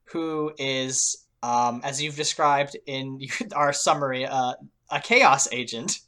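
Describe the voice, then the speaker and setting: A woman's voice: extremely low pitch, slow, fairly bright tone. A woman co-hosting a podcast, chatting casually with frequent laughs and filler words. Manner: laughing often, lots of fillers. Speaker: podcast co-host. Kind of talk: casual chat.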